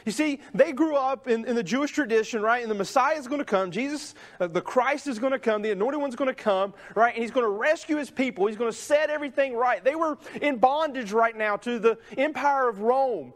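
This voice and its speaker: A man's voice: very high-pitched, brisk, few pauses. A man pastor preaching a sermon in a conversational way, often tagging sentences with "right?" and acting out the voices of people in the story. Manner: conversational preaching, many "right?" tags, acts out quoted voices. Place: church sanctuary.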